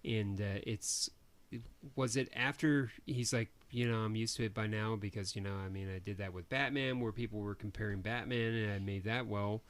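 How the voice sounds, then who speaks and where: A man's voice: on the low side, fairly even intonation, moderate pace. Joking man telling a story. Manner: jokey, tells stories with acted-out quotes. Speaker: podcast co-host. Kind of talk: casual chat.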